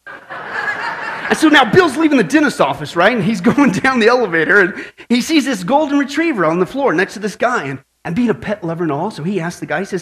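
Man, pastor, high voice, animated joke-telling sermon, asks "right?" a lot. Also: fast. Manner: animated storyteller, tags lines with "right?".

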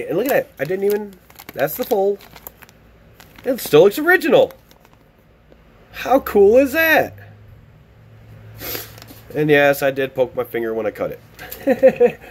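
A man opening fan mail on camera in an excited, gushing, exclamatory vlog chat. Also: sits high, breathy edge. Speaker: YouTube vlogger opening mail. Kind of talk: excited casual unboxing chat.

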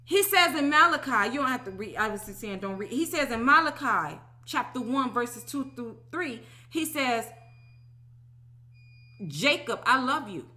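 Bright-voiced woman telling a testimony. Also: high voice, moderate pace, few pauses. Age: 30s. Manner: animated, emphatic storytelling with repeated "okay?". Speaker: religious teacher. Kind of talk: personal testimony talk.

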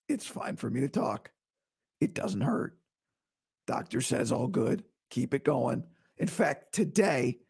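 Man, sports podcast host, hoarse and breathy, raspy high voice, blunt opinions. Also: a little mellow. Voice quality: rough, breathy voice dropping into whispers. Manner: blunt, opinionated, talks straight to listeners. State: hoarse, recovering from vocal cord surgery. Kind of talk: casual solo podcast monologue.

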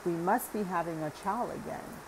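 A woman's voice: lowish voice, moderate pace, background noise, natural voice. Woman doing a cheerful, teasing old wife. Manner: light, teasing.

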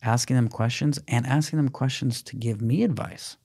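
A man co-hosting a parenting podcast, telling a family story in an animated way, acting out the quoted dialogue. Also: medium pitch, moderate pace, creaky, husky. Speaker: podcast co-host. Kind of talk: casual parenting chat.

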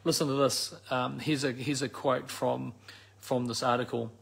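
A New Zealand man with a gravelly, husky voice delivers an impassioned message to his supporters. He stresses points by repeating words and fills gaps with "you know" and "um." His pitch sits in an ordinary middle range for a man. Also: flat delivery, moderate pace. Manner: emphatic, repeats words for stress, many fillers. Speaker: activist addressing supporters.

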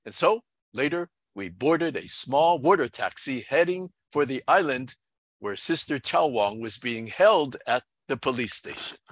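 A middle-aged man, a pastor, recounting a story in an earnest, measured sermon style. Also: mid-range voice, lively intonation, fairly bright tone, no room sound.

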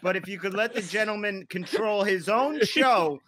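Hombre de voz aguda y brillante. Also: male voice, high voice, normal speed, fairly bright tone. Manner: wry, mock-formal, swears. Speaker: podcast guest. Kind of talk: casual banter on a video call. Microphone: remote video call.

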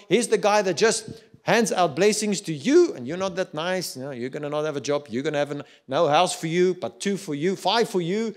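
A middle-aged man with a South African accent preaching a sermon, swinging between loud urging and quiet reflection. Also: on the high side, a little fast, few pauses. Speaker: pastor.

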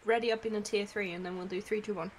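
A woman's voice: medium pitch, fairly even intonation, very fast, a little hiss or hum. A woman chatting playfully with friends during a game. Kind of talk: casual gaming chat. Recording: echoey room.

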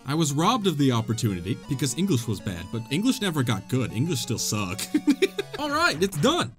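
A young man commenting on his own game playthrough, excitable and dramatic, with jokey yelps and groans. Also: mid-range voice, moderate pace, faint music behind. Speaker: gaming channel host. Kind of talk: let's play commentary.

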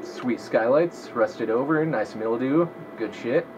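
A man's voice: medium pitch, slow pace, background noise. A young man giving casual, profanity-laden let's-play commentary, talking to himself as he plays. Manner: swears a lot, talks to himself while playing. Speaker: gameplay commentator.

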